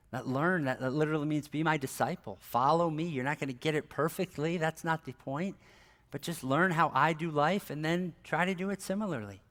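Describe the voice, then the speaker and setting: A middle-aged man giving a devotional talk as a pastor, earnest and conversational, often dropping to a near whisper. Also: fairly high pitch. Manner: soft-spoken, dropping to near whisper for scripture; earnest, conversational, rises when animated. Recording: long hall reverb.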